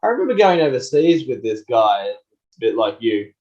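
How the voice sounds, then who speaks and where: A man's voice: mid-range voice, very animated, moderate pace, a little mellow. A man co-hosting a podcast, teasing his co-host in wry casual chat. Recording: dull lo-fi recording.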